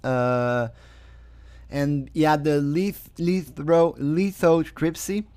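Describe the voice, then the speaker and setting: A man's voice: on the high side, steady tone, slow pace, darkish tone, dry recording. A man who is not a native English speaker, giving casual, sarcastic commentary, often breaking into mocking laughter.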